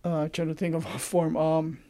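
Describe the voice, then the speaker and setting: A man from Hawaii explains the grammar of the local creole, stopping often to hunt for the right example. His voice sits a little high for a man but sounds dark and mellow. He teaches patiently and thoughtfully. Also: completely flat delivery. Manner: thoughtful, halting, searching for examples.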